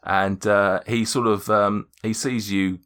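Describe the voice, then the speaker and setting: A man's voice: on the low side, fairly even intonation, slow, fairly bright tone, smooth. A man narrating a tabletop game as game master, rambling and jokey with lots of repeats.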